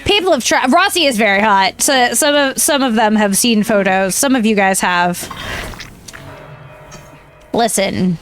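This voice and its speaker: A high-voiced young woman from Southern California chats casually on a live stream, with a Southern Californian accent that has been mostly softened. She talks to her viewers in a playful, dramatic way, with mock outrage and quick asides. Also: faint music behind. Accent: Southern Californian, trained down. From Southern California (San Diego). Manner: chatty and playfully dramatic, talking to chat.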